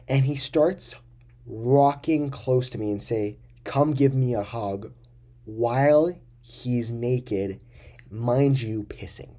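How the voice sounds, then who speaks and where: A man's voice: mid-range voice, dark tone, slightly rough. A young man telling a rambling, profane story casually to camera as a vlogger.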